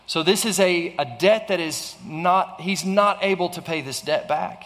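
A man's voice: high voice, measured pace, fairly bright tone. Earnest preaching man in a reverberant hall. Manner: earnest preaching with frequent restarts and rhetorical questions. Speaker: pastor. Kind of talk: sermon.

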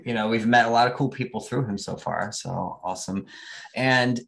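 A man's voice: medium pitch, normal speed, gravelly, a bit bright, rough recording. A man from New Jersey hosting a podcast, talking casually and bluntly, swearing freely. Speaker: podcast host. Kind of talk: casual conversation.

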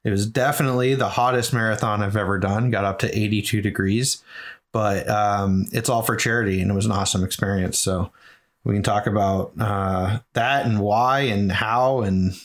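A middle-aged man from New England with a lowish voice tells a personal story in casual interview chat. He is earnest and rambles, with plenty of fillers and restarts. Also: fairly even intonation, normal speed. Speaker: guest, charity marathon runner.

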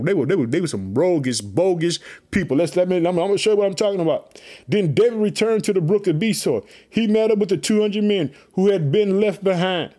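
A man hosting a podcast, giving animated, preachy commentary on a Bible passage with lots of repeated catchphrases. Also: high-pitched. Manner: energetic, preachy, repeats "let me tell you something". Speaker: podcast host.

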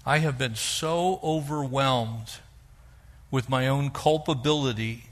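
A middle-aged male pastor preaching a sermon, animated, acting out the voices he quotes. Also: mid-range voice, slow.

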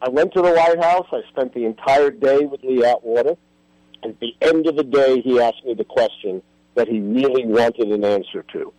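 A man's voice: medium pitch, moderate pace, mellow, no room sound, rough recording. An older man, a history professor, telling stories with animation and emphasis as a guest in a radio interview.

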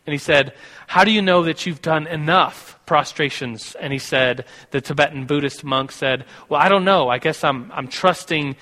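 American guy preaching, loose and chatty, bright tone, echoey hall. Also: a little high, steady tone, moderate pace. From United States. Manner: conversational, many restarts and fillers. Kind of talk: sermon with personal story. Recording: long reverb of a hall.

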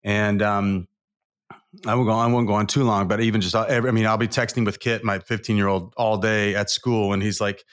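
With a lowish voice, flat delivery and a fairly quick pace, a forties-aged guest coach from Southern California shares candid personal stories on an interview show. He comes across as earnest and emotional, tending to ramble.

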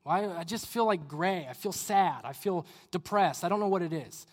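A young adult man giving a conversational sermon as a youth pastor, acting out people's inner questions and dropping to quiet asides. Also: sits high, expressive, moderate pace. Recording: long hall reverb.

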